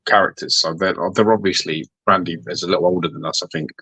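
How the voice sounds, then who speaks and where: A man with a very deep, husky voice, bright and forceful in tone. He chats casually and rambles, tripping over repeated words. The sound is dry and close. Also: steady tone, fast, dry recording, poor audio. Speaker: podcast co-host. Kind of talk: casual chat.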